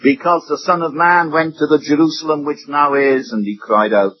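Husky, high-voiced male preacher. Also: fairly even intonation, moderate pace, hardly any pauses. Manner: emphatic, swings between rising and dropping voice. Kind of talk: sermon. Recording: dull lo-fi recording.

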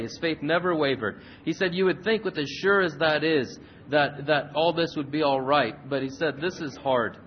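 A man preaching a sermon and leading a prayer, earnest, repeating and restarting phrases. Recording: slightly muffled recording with faint rumble.

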